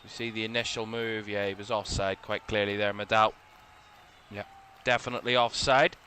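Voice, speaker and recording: A man giving relaxed live play-by-play commentary on a football match for a watchalong stream, chatty and a little drowsy, yawning now and then and correcting himself as he goes. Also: fairly low pitch, moderate pace, slight background noise. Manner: relaxed, chatty, thinking aloud with small self-corrections.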